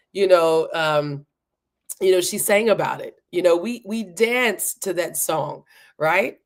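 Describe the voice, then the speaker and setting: A woman hosting a Bible reading challenge, reading Scripture aloud and breaking off for casual, chatty commentary. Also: on the low side. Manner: breaks off to chat and laugh at herself.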